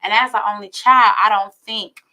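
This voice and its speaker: A woman's voice: mid-range voice, fairly even intonation, normal speed, sharp tone. A woman in her twenties, a guest on a church talk show, telling a personal story in a casual conversational way and quoting her parents along the way. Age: 20s.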